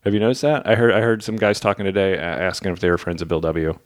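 A man's voice: low voice, fast talker. A man hosting a podcast in casual chat, loose and joking, often repeating words as he talks. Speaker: podcast host.

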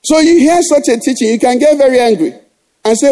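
A man's voice: extremely high pitch, big pitch swings, a little fast, dark tone. A middle-aged male pastor preaching a sermon, exhorting the congregation with rhetorical questions.

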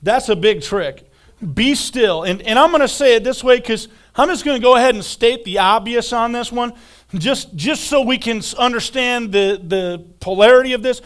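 A man in his thirties preaching a sermon as pastor, animated and repeating words, acting out quoted voices. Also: extremely high pitch, unhurried.

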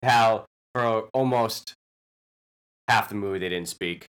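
A man's voice: lowish voice, slow, fairly bright tone, smooth. A man on a film podcast sharing thoughtful opinions in casual chat. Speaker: podcast co-host.

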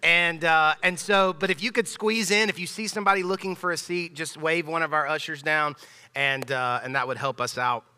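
Bright-voiced man preaching in a church. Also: on the high side, fairly even intonation, moderate pace, clean tone. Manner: conversational, emphatic, with frequent restarts. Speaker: pastor. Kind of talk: casual sermon. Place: church sanctuary. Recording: long church hall reverb.

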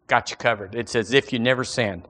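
A man's voice: mid-range voice, brisk, pushed and bright, voice pushed down, close to an everyday voice. A man voicing God as a polite male customer-service clerk, with courteous salesman patter. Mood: obliging.

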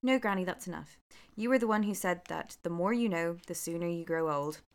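Gentle, polite young girl, as a woman reads her. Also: lowish voice, fairly quick, close to an everyday voice. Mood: pleading. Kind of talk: storybook reading.

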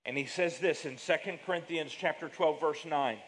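A male pastor preaching a sermon with emphatic delivery, big swings in pitch and loudness, and drawn-out words. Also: a little hiss or hum, poor audio.

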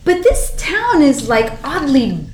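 A woman's voice: high voice, very animated, slow pace, roomy sound, a little hiss or hum, poor audio. A woman in casual chat, retelling a film's plot and acting out lines in put-on voices. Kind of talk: casual movie recap chat.

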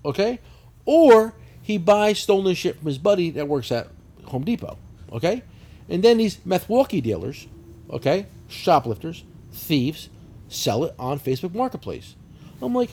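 A man with a high, husky voice, spinning a profane, animated story. His pitch swoops up and down as he talks, and he breaks into laughter along the way. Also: moderate pace. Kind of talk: casual podcast chat.

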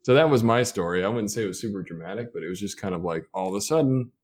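Podcast co-host, man with a lowish voice, easygoing anecdote teller. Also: racing. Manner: relaxed storyteller, laughs while telling. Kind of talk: casual chat.

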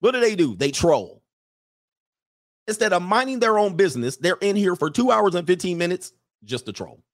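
A man's voice: high voice, sing-song, moderate pace. A man hosting a livestream show, giving a mocking, profane monologue full of repeated rhetorical questions.

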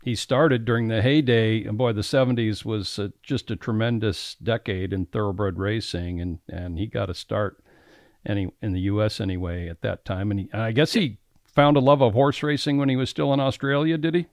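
A male radio host asks questions in a folksy, unhurried, halting way. His voice is on the low side. The recording is dry and close. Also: steady tone, dry recording. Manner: folksy and halting, with many fillers. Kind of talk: conversational radio interview.

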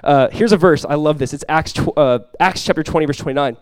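Quick-talking pastor preaching. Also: male voice, a little high, smooth, no room sound, clean studio sound. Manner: animated storytelling, drops quiet and slow for emphasis; conversational, many fillers like "like" and "you guys". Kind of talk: sermon.

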